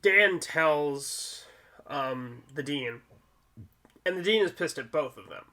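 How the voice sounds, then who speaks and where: A man chatting on a film review podcast, his voice bright and clear. He walks through the plot scene by scene in a relaxed, conversational way, slipping into quick impressions of the characters' dialogue. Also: a little high. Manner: animated retelling of scenes, acting out lines. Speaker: podcast co-host. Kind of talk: casual movie review chat.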